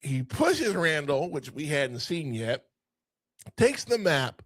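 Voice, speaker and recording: A man co-hosting a casual film review podcast, retelling scenes in an animated way with lots of swearing. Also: a little high, slow pace, dry recording. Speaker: podcast co-host.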